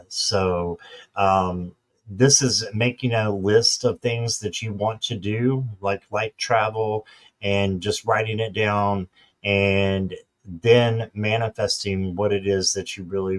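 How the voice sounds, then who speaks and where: Male tarot reader, lowish voice, laid-back chat with pauses and fillers. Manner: relaxed, hesitant with fillers. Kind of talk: casual tarot reading.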